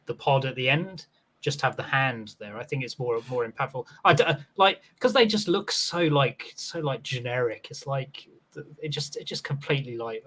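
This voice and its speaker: A man on a film podcast, chatting casually and hesitantly with many halting fillers. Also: mid-range voice, expressive, fairly bright tone. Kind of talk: casual chat.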